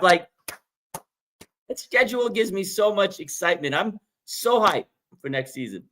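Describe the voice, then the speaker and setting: A man hosting a live fan reaction stream in a casual, excitable way, laughing and ranting with his voice jumping up when he gets hyped. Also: sits high, a little fast, slight background noise. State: has a bloody nose. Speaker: sports fan livestream host.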